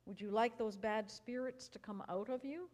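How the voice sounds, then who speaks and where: A woman reading a Bible story aloud, voicing a calm, kindly man who heals, in a gentle, even storybook manner. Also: on the high side, normal speed, lightly acted. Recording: reverberant church hall.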